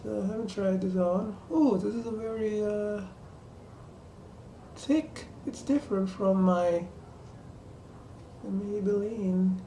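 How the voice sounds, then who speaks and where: A woman's voice: mid-range voice, takes it slowly, pauses often, mellow, echoey room, slight background noise. A woman chatting casually to camera while doing her makeup, rambling and talking to herself in asides. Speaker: vlogger. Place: small room at home.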